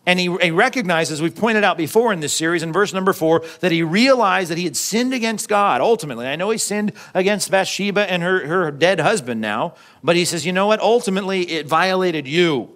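A man's voice: high-pitched, expressive, brisk, hardly any pauses, fairly bright tone. A man preaching a sermon in a conversational way, often asking the congregation questions and repeating words as he goes. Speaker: pastor.

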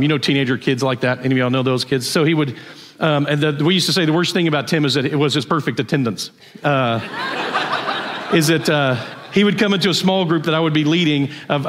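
A pastor delivers a sermon in a loose, conversational way. He tells stories and puts questions to his listeners. His voice sits somewhat high for a man. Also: a bit bright. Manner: storytelling, conversational, asks the audience questions.

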